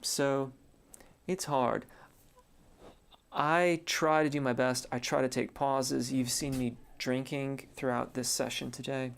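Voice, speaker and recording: A man, a singing teacher, answers viewers' questions in a relaxed live stream, thinking aloud with many fillers. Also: mid-range voice, takes it slowly, vocal fry. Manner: reads viewer comments aloud and answers them. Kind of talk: casual live-stream chat.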